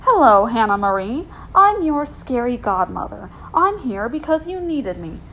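A woman's voice: big pitch swings, measured pace, bright, forceful tone, slight background noise, full character voice, low-quality recording. Woman doing a sing-song witchy godmother. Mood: cheerful. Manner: sing-song, theatrical, high-pitched. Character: cheerful witchy female scary godmother.

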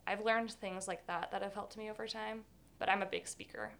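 Young woman with a gravelly, candid ramble. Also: medium pitch, fairly even intonation, fairly quick, fairly bright tone, a little hiss or hum. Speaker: interviewee. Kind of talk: personal story in an interview.

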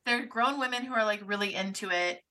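A woman with a bright, sharp voice co-hosting a relaxed podcast. She chimes in often with quick agreement and short asides, her pitch sitting in the middle range. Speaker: podcast co-host. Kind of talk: casual chat.

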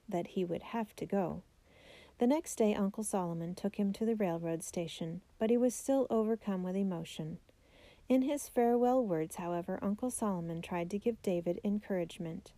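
A woman narrating a children's biography aloud in a steady, clear storytelling manner. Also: medium pitch, dry recording. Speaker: audiobook narrator.

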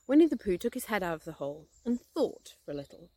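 A woman podcast host reading a children's story aloud, gentle and expressive. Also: mid-range voice, quick pace, few pauses, no echo. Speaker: podcast host and English teacher.

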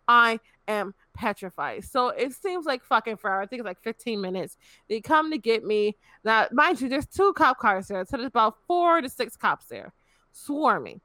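A woman's voice: on the high side, sing-song, moderate pace, bright, forceful tone, dry recording. A young woman in her twenties frankly telling a personal story in casual chat, swearing and filling with "you know".

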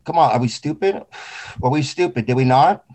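A man's voice: mid-range voice, lively intonation, a little fast, darkish tone. A man talking casually about grief, intense and rambling, swearing often. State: grieving. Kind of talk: emotional casual talk.

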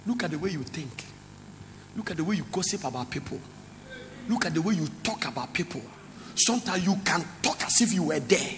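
A man's voice: a little high, lively intonation, normal speed, pauses often, slight background noise. A man, a pastor preaching a sermon that slips into song and local words. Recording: echoey hall with faint ambience.

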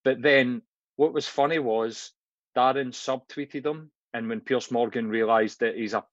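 A man's voice: mid-range voice, unhurried, no echo, muffled recording. A man with a Glaswegian accent hosting a podcast, chatting conversationally and telling stories. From Glasgow, Scotland. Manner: conversational, storytelling with quoted asides. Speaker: podcast host. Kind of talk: casual interview chat.

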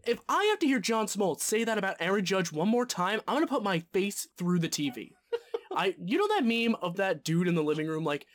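A man's voice: sits high, very animated, fairly quick. Ranting male sports podcast co-host. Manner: fired-up ranting, swearing. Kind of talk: casual sports chat.

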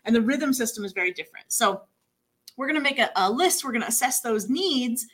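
Woman accent coach on community radio, bright and a little high, animated and affirming. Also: brisk. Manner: animated, many affirming mm-hmms. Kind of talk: casual radio conversation.

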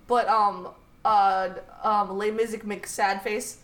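A woman's voice: mid-range voice, flat delivery, takes it slowly, fairly bright tone. A woman co-hosting a podcast, telling stories and teasing in casual chat. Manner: playful, teasing storyteller. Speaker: podcast co-host.

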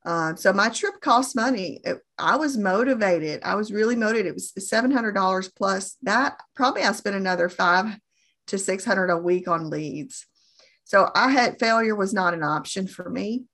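A middle-aged woman coaching on phone sales in an earnest, deliberate way, often repeating herself for emphasis. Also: medium pitch, fairly bright tone. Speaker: insurance sales trainer.

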